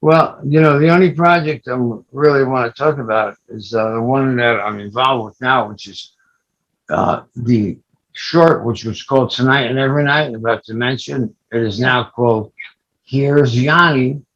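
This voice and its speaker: An older man, an actor and guest, talking in a low-key, halting way with many pauses in a casual interview. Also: fairly bright tone, lo-fi sound.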